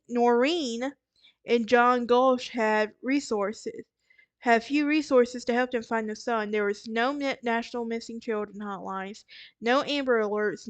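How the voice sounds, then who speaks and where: A woman's voice: on the high side, no room sound. A tired woman with a Southern accent hosting a true crime podcast, narrating casually and often correcting herself as she goes. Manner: rambling, frequent restarts and self-corrections.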